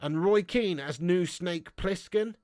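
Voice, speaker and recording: A man's voice: high-pitched, takes it slowly, a little mellow, no room sound, clean studio sound. A man hosting a live stream, reading viewer comments and ranting bluntly with lots of swearing. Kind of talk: casual live-stream chat.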